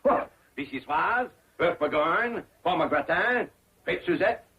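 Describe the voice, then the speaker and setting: An actor playing a stuffy, flustered middle-aged bank president, fussy and sputtering, in 1960s sitcom style. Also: male voice, on the high side, lively intonation, slow pace, breathy edge, exaggerated voice. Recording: muffled 1960s TV audio.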